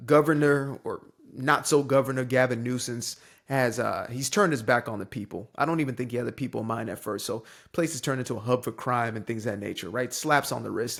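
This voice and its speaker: A man's voice: mid-range voice, creaky, a bit bright. A young man from the Bay Area giving a casual, emphatic, preachy opinion monologue as a commentator. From San Francisco Bay Area.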